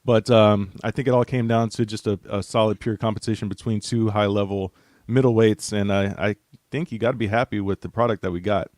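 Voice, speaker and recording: Low-voiced man analyzing a fight. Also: fairly even intonation, a little fast, a little mellow, no room sound, clean studio sound. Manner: thoughtful, hedging with fillers. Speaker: panelist, writer. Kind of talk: casual sports analysis.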